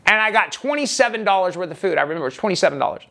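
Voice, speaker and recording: Man, high-pitched voice, personal vlog story, emphatic, rambling, restarts. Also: expressive, rapid-fire, fairly bright tone. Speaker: vlogger.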